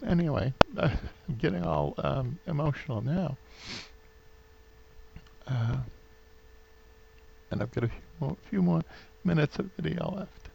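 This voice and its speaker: A man's voice: fairly high pitch, lively intonation, measured pace, creaky, pauses often, lo-fi sound, a little hiss or hum. A man in his fifties with a New England accent rambles sentimentally through a home vlog, full of fillers and restarts. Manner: sentimental, gets openly emotional. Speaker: vlogger.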